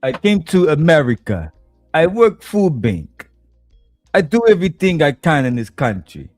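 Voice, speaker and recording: A man's voice: on the high side, big pitch swings, measured pace, a little mellow, faint music behind, pitched above the performer's own voice. A man mocking a Russian immigrant woman in a put-on Russian accent, speaking in broken English. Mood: mocking earnest. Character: mock Russian immigrant woman, earnest and loud.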